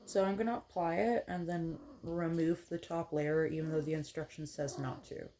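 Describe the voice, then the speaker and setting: A woman's voice: deep voice, steady tone, moderate pace, warm tone, a little hiss or hum. A woman chatting casually while doing her makeup at home, rambling with lots of ums and self-corrections. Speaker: makeup vlogger. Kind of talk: casual get-ready-with-me chat. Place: home, on a couch.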